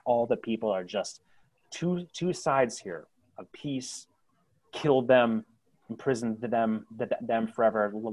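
A man's voice: fairly low pitch, a little mellow. A man running a tabletop game as game master, narrating with frequent restarts and fillers. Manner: halting, many restarts and fillers.

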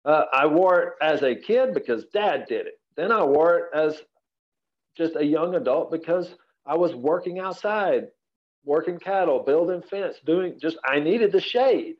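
A man's voice: fairly high pitch, lively intonation, unhurried, dull audio. A man from Central Texas, a rancher guest on a podcast, talking in an earnest, folksy, rambling way from his office. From Central Texas, USA. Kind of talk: relaxed podcast conversation.

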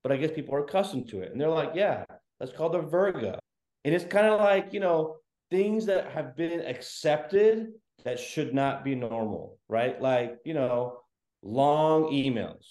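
A man's voice: on the high side, expressive, a little slow, a little mellow. A man doing stand-up comedy, telling self-deprecating stories. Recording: roomy echo.

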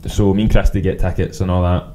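Deep, dark-voiced Scottish man telling sweary stories. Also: flat delivery, fast, poor audio. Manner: sweary, rambling anecdotes with quoted back-and-forth. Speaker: podcast co-host. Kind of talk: casual storytelling chat.

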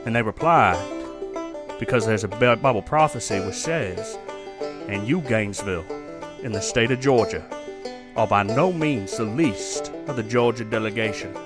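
A man's voice: fairly low pitch, moderate pace, music in the background, lightly acted. A man putting on a Southern accent to voice a folksy reader of scripture with a drawling, storytelling cadence.

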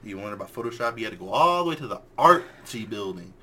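A man's voice: on the low side, very animated, fast talker, bright, forceful tone. A young man co-hosting a podcast in casual chat, joking, laughing easily and chiming in with memories. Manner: jokey, laughs easily, chimes in. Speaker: podcast co-host.

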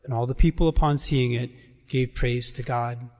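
A man preaching in a church, his voice trailing off into a long hall reverb. He speaks in a measured, emphatic way with deliberate pauses. His pitch sits in an ordinary middle range for a man. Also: fairly even intonation, darkish tone. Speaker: priest. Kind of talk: liturgical reading and sermon.

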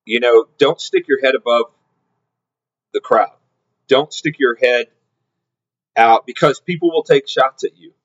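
A man's voice: medium pitch, a little slow, long pauses. A middle-aged man telling a story in a casual podcast monologue, rambling with lots of restarts and repeated words. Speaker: podcast host. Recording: slightly dull lo-fi audio.

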